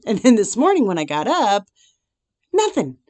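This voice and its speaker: A Christian vlogger with a medium-pitched, darkish voice makes a casual daily devotional video about her day and her faith, her pitch swinging widely at a normal speed on a dry recording. She jokes at her own expense and laughs often, then becomes reflective and grateful.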